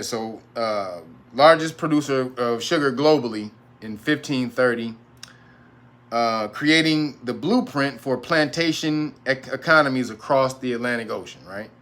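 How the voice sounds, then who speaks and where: A man's voice: medium pitch, fairly bright tone. A man hosting a casual livestream monologue, rambling and profane, laughing often between remarks. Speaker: host.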